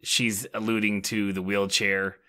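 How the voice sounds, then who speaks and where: A man co-hosting a TV review show, recapping plot in a relaxed way with hesitant fillers. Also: fairly low pitch, a little slow. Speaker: podcast co-host. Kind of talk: casual chat.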